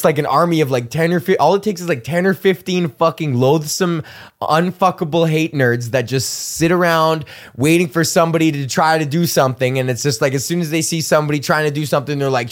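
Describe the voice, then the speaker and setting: A man's voice: on the high side, brisk. Profane rambling young man ranting. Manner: profane, rambling, animated ranting with mocking put-on voices. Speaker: podcast host. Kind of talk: casual ranting monologue.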